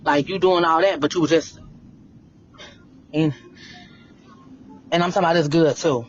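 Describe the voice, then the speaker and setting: A woman's voice: deep voice, steady tone, normal speed. A blunt woman ranting live to her viewers, hammering each point with repetition. Her voice is a little muffled and lo-fi, with a faint hiss behind it. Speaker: livestreamer. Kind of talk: heated livestream rant.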